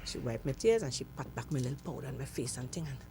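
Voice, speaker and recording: A woman's voice: a bass voice, lively intonation, quick pace, dark tone, a little hiss or hum. A middle-aged woman with a Trinidadian accent, a guest telling her story with laughter and emphasis. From Trinidad and Tobago. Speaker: interview guest. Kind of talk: animated storytelling.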